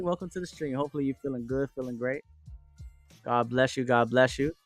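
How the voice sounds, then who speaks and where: A man's voice: mid-range voice, a little fast, no echo. Guy hosting a live stream, laid back, chats and reads out comments, dry sound, a little music in the back. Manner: reads out and answers viewers' chat comments; relaxed, chatty, with frequent fillers and shout-outs. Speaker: livestream host. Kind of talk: casual livestream chat.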